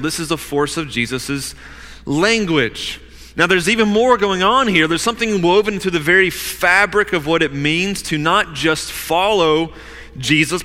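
A man's voice: fairly high pitch, bright, forceful tone, big-room sound. A man preaching a sermon in an emphatic, conversational way, often saying "like" and "you know".

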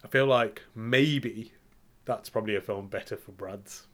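A man's voice: fairly low pitch, unhurried, fairly bright tone. A man co-hosting a podcast, bantering playfully and laughing often in casual chat. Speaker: podcast co-host.

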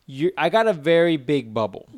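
A man joking crudely in casual banter, profane and animated as he tells stories. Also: a little high, normal speed, no room sound, clean studio sound.

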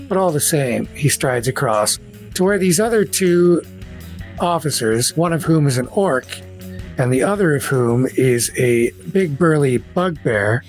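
A man narrating a tabletop game as game master in a relaxed way with fillers. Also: on the high side.

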